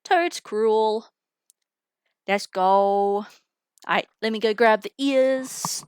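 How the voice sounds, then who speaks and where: Young woman streamer, slow easygoing chatter and giggles, headset mic, dry sound. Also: medium pitch, clear, resonant tone, no echo. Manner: chatty, giggly, talks to chat while unboxing. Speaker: streamer opening trading cards. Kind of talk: casual live-stream chat. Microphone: headphones with mic.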